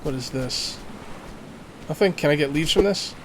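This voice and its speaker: A man's voice: on the high side, moderate pace, a little hiss or hum. Chatty man narrating his gameplay. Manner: chatty, thinks aloud, jokey asides. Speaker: let's play gamer. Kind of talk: casual gameplay commentary.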